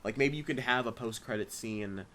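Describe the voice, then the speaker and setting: Excitable bright-voiced male podcast host. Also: medium pitch, normal speed, slight background noise. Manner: excitable, acts out movie scenes with voices. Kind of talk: casual chat.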